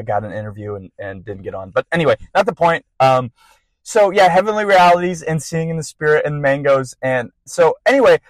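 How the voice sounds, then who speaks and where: Young man, podcast host, rambling excited storytelling, dry close sound. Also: medium pitch, dry recording, low-quality recording. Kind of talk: casual testimony storytelling.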